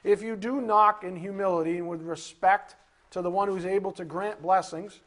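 Guy preaching a bible lesson, high pitched, gets animated and acts out little scenes. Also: normal speed. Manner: animated, rhetorical questions, acted-out dialogue. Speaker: Bible teacher. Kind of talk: sermon.

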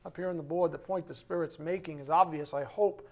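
High-pitched emphatic male bible teacher. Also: fairly even intonation. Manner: emphatic, slows for scripture readings, drops to quiet asides. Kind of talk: classroom bible lesson.

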